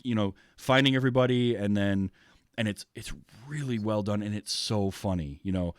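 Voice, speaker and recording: Hosting a casual film discussion podcast, a fairly low-voiced man chats at a moderate pace, often stumbling over fillers and restarting his sentences. His sound is smooth, dry and close, with no echo.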